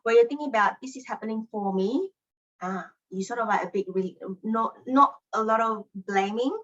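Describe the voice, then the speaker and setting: High-voiced woman leading a spiritual circle. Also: moderate pace, fairly bright tone, dull audio. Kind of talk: casual group session talk.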